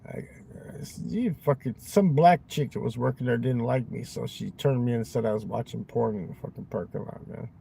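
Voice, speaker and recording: Crude, rambling man with a mellow voice. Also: medium pitch, normal speed, vocal fry, a little hiss or hum, poor audio. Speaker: live-stream vlogger. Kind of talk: rambling live-stream chat. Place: parked car at night.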